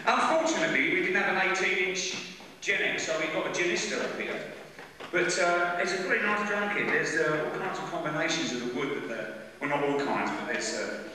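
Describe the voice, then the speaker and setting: A middle-aged Englishman chatting in a rambling, jokey way to a live audience at a drum clinic. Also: mid-range voice. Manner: rambling, jokey, animated storytelling. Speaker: drummer giving a clinic. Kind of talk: chatty stage talk to an audience. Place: large hall with live audience. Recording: echoey hall recording from far off, crowd noise.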